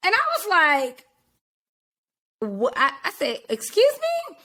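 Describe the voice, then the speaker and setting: A woman with a bright, ringing voice pitched a little above the usual hosts a casual podcast chat. She tells her story in an animated and profane way and slips into quoted voices as she goes. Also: slow pace. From rural area. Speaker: podcast host.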